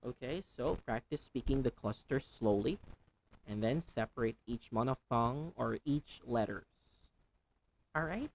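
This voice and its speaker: A woman with an unusually deep, low voice teaches pronunciation at an unhurried pace. She repeats each word carefully and exaggerates every sound so learners can follow. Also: lively intonation, a little mellow. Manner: slow, deliberate, repeats words with exaggerated enunciation. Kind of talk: pronunciation tutorial.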